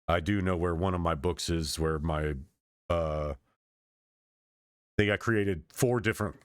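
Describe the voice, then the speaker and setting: A man's voice: low-pitched, no echo, studio quality. A man streamer in his thirties talking in a meandering, casual monologue, often restarting and trailing off mid-sentence.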